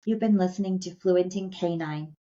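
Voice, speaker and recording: A woman who works as an animal communicator and hosts a podcast, soft-spoken and heartfelt, hesitating now and then. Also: fairly low pitch, moderate pace. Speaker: animal communicator and dog trainer, podcast host. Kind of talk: intuitive reading and podcast wrap-up. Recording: slightly dull lo-fi audio.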